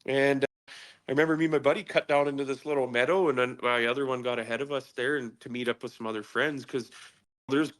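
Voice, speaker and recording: A man's voice: medium pitch, steady tone, fast. A man from British Columbia, a podcast guest telling a story in casual, profane talk and acting out sounds and quotes. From British Columbia, Canada.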